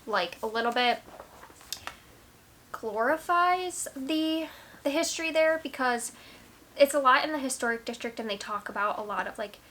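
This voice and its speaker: A woman's voice: sits high, expressive, normal speed, pauses often, bright, forceful tone. A young woman talking casually to camera about her books, rambling with lots of "like" and trailing restarts. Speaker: book vlogger. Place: at home.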